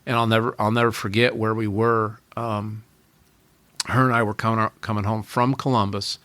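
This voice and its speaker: Low-voiced man telling an earnest story. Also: little pitch movement, normal speed, fairly bright tone, no room sound. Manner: earnest, repeats and restarts phrases. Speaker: podcast guest. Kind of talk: personal storytelling.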